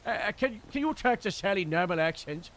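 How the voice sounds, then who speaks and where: A man's voice: high-pitched, expressive, fairly quick, a bit bright. A man roleplaying a police lieutenant, hesitant and full of fillers as he explains things in character. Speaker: streamer playing a police lieutenant.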